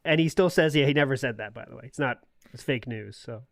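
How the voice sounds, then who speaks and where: A man's voice: medium pitch, fast talker, gravelly, dry recording. A man hosting a podcast, chatting casually and laughing often as he introduces clips. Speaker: podcast host. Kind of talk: casual chat.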